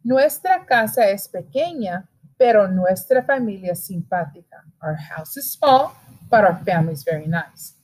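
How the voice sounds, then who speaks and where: A woman reading the lines of a kindly father welcoming a guest, slow and deliberate. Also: medium pitch, expressive, a little mellow, close to an everyday voice, rough recording.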